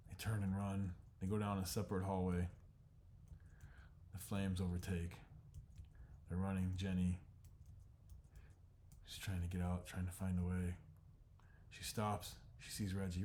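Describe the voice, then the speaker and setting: A man narrating an animated storyboard pitch in terse present tense, shot by shot, dropping into voices. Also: normal speed, long pauses. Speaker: storyboard artist.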